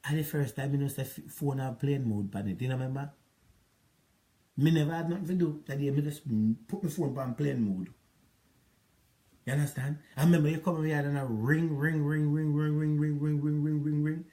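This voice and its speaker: A man's voice: mid-range voice, brisk, dark tone. A man with a Jamaican accent, ranting at an ex-partner in a rambling, repetitive, scolding monologue. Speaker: relationship advice vlogger.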